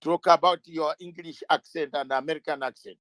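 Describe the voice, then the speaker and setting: A man's voice: fairly high pitch, fairly even intonation, a little fast, fairly bright tone, no echo. A middle-aged man, a lawyer being interviewed, speaking in an impassioned way, firing rhetorical questions and repeating phrases for emphasis.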